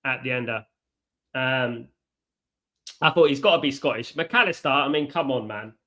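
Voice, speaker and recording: A man hosting a live football watchalong, chatty, reacting to play and giving shout-outs to viewers. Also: medium pitch, normal speed. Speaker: watchalong host.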